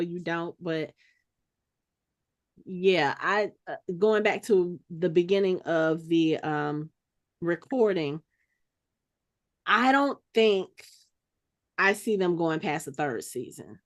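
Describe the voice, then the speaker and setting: A woman hosting a podcast in casual chat, thinking out loud and restarting her sentences as she speculates. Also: fairly low pitch, slow pace, long pauses. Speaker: podcast host.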